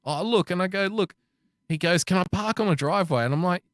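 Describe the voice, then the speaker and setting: A man's voice: high voice, fast, no room sound, clean studio sound. An Australian man co-hosting a podcast, telling a profane story in casual chat and acting out the quotes. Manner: profane, animated anecdote-telling with acted quotes. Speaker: podcast co-host. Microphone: podcast microphone.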